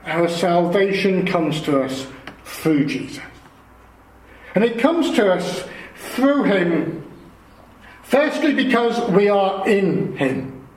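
A man preaching a sermon, explaining scripture in a slow, earnest way. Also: high voice, big pitch swings, roomy sound, low-quality recording.

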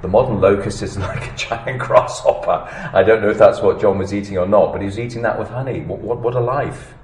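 A male preacher. His voice sits a little low, and he drops to near-whispers before rising to emphatic peaks. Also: a little fast, reverberant, slight background noise, poor audio. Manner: animated preaching, swinging between hushed and emphatic. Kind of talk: sermon.

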